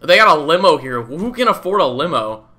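Goofy young man with a bright voice. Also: a little high, very animated, a little fast. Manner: goofy, laughs often, swears casually. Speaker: gaming YouTuber. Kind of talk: casual gameplay commentary.

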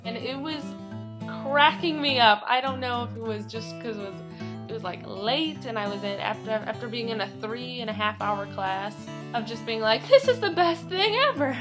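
A woman's voice: a little high, fairly even intonation, moderate pace, music in the background. A young woman chatting to camera in a self-amused way, with lots of "like" fillers. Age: young adult. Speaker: vlogger. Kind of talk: casual chat to camera.

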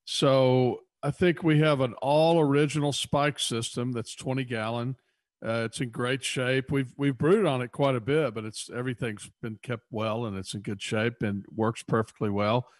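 Man from texas, relaxed podcast co-host, explains at length, medium pitch, dry booth sound. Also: moderate pace, dry recording. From Austin, Texas. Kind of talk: casual podcast chat.

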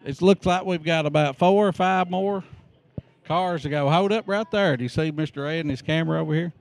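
Man, slightly high voice, folksy joking greeter, casual outdoor patter. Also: fairly quick. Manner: folksy, joking, friendly instructions. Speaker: greeter at the prom entrance.

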